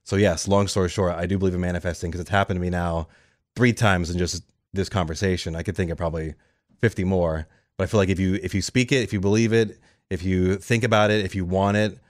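A man with a low voice, recorded dry with studio quality, tells his career story as a guest in a casual interview. He's a radio producer, and he speaks fast and animatedly, acting out quoted conversations.

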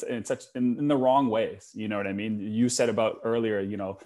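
A young man hosting a podcast in casual conversation, telling stories and acting out the quotes. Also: fairly low pitch. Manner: animated storytelling, acts out quotes. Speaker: podcast host.

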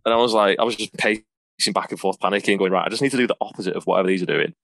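A man's voice: sits low, very fast, gravelly, a bit bright, no echo. A man from England, a wrestler telling stories in a casual podcast interview, rambling and self-deprecating with many ums. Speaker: wrestler guest.

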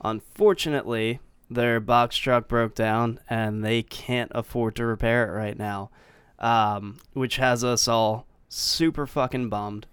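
Laid-back, very clear-voiced male podcast host. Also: medium pitch, steady tone, unhurried, a bit bright, no echo. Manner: laid-back, swears freely, hesitant fillers. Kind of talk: casual podcast chat.

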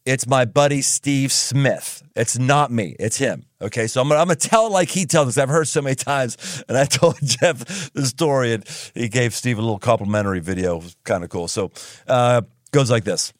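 A male podcast host telling a funny story in a casual, animated way and laughing as he goes. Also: medium pitch, brisk, no room sound, clean studio sound.

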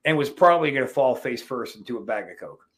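Profane, animated man telling stories. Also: mid-range voice, fast talker. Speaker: wrestling promoter guest. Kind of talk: casual storytelling chat.

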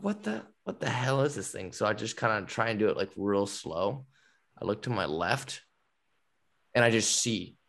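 A young man tells a gym story on his podcast in a loose, chatty way. He fills his talk with fillers and breaks into laughter. His voice sits at an ordinary middle pitch. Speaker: podcast host. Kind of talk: casual storytelling.

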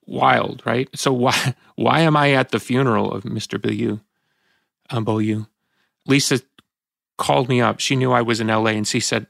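A man in his fifties speaks as a podcast host, reflective and halting. His voice is gravelly and recorded close and dry, and he often breaks off and restarts as emotion catches him. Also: medium pitch, fairly even intonation, fairly bright tone, no echo. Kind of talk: reflective conversational talk.

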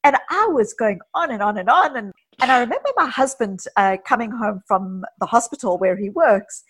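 Husky middle-aged woman, psychologist guest chatting on a podcast, tells stories with lots of quoted bits. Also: a little high, moderate pace. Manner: animated storyteller, vivid anecdotes with quoted dialogue. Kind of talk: conversational podcast interview.

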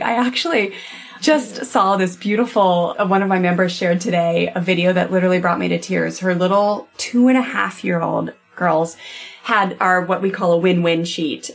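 A woman's voice: on the low side, vocal fry. Enthusiastic woman host chatting. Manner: enthusiastic, animated storyteller. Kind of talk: casual podcast conversation.

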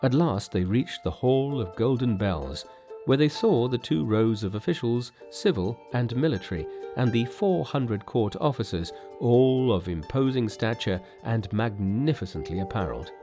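A man reading a story aloud as narrator, in an expressive, measured way. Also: medium pitch, over music. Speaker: audiobook reader.

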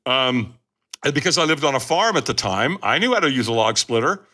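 A man who is a podcast guest, telling a story in an animated, emphatic way and often addressing his listeners directly. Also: mid-range voice, brisk.

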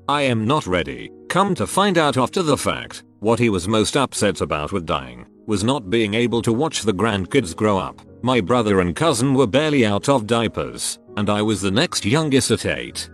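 Lively low-voiced man reading stories aloud. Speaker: narrator. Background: faint music.

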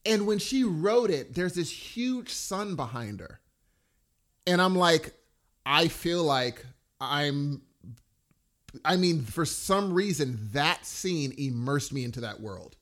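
A man chatting casually about a film he just saw, rambling and enthusiastic. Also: slow. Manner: animated, rambling and enthusiastic, with big pitch jumps. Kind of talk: casual movie chat.

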